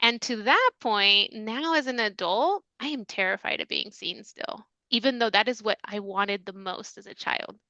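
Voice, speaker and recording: Bright, crisp-voiced woman with Mexican American accent. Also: medium pitch, animated, moderate pace, few pauses, dry recording, highs cut off. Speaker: therapist guest. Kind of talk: casual conversation.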